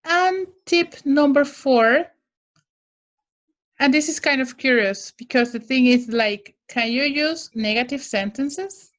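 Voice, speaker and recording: A woman teaching English grammar in a recorded lesson, explaining slowly and carefully with frequent restarts. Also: sits high.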